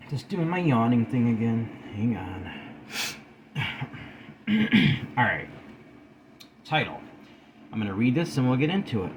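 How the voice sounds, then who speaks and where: Man reading his article in animated phrases. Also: medium pitch, background noise. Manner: reads in measured phrases, breaking off for casual asides to viewers. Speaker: channel host. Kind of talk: reading his own article aloud with asides.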